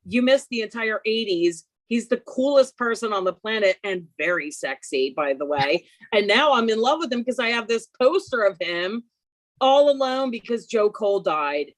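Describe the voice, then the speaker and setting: A woman in her fifties telling a comic story over a video call, brash, animated and self-mocking. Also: fairly high pitch, moderate pace. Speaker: workshop participant.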